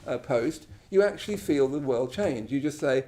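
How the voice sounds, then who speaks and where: A man's voice: mid-range voice, lively intonation, moderate pace, dark tone. An English man giving an informal Buddhist talk to a live class, chatty and self-deprecating, often checking in with "you know" and "yeah?". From England. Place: shrine room at a Buddhist centre, live class.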